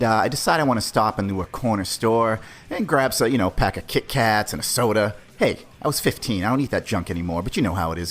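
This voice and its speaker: A man in his forties from the Boston area, hosting a podcast and telling a story in a loose, profane, chatty way. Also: on the low side. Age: 40s. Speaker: podcast host. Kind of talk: casual storytelling.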